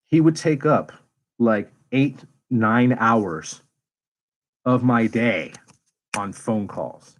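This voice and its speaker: A man at a middle pitch talks loosely to his livestream viewers. He is blunt and swears freely, and every so often he works himself up into a heated rant. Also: very slow, long pauses, poor audio. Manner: candid and profane, swings into animated rants. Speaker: space YouTuber and livestream host. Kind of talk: casual livestream chat.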